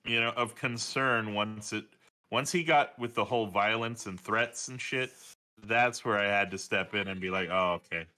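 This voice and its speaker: A man's voice: lowish voice, moderate pace, sharp tone. A man in his forties chatting casually, profane and rambling, laughing between remarks. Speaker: streamer talking with a friend. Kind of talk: casual chat.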